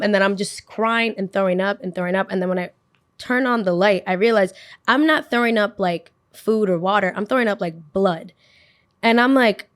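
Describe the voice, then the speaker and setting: A young woman hosting a podcast, telling a personal story in a lively, casual way and acting out what the people in it said. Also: mid-range voice, moderate pace. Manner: animated, acts out what people said. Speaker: podcast host.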